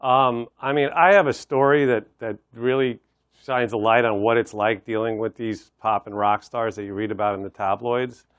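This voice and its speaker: A middle-aged man, a record executive, telling animated stories as a guest in an interview. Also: mid-range voice, normal speed, dry recording, studio quality. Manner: animated storyteller, acts out voices in anecdotes. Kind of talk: interview storytelling.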